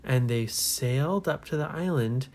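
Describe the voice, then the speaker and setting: Brief: woman spinning a children's tale, slow and low, hushed in places. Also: expressive. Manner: hushed, slow, asks the listener questions. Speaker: storyteller to children. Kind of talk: improvised bedtime story.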